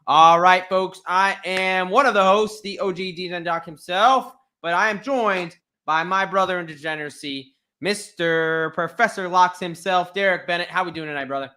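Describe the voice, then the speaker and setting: Man, podcast co-host, hyped delivery, fairly high voice, casual sports chat. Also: pushed and bright. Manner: hyped-up, drawn-out hype delivery.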